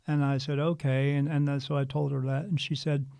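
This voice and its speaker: Earnest gravelly man telling a story. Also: mid-range voice, fairly quick, no room sound. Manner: earnest, animated storyteller with frequent restarts. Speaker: spiritual medium guest. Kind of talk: casual storytelling interview.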